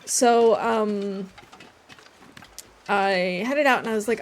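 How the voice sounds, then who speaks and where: A woman's voice: medium pitch, slow pace, slight background noise. A woman streamer giving casual let's-play commentary while she plays, chatty and rambling with a self-amused tone.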